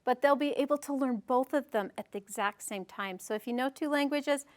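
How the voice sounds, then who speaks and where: A woman's voice: sits high, a little fast. A woman leading a parenting workshop on nursery rhymes, talking to a small group and reading in a sing-song, playful way. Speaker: workshop presenter.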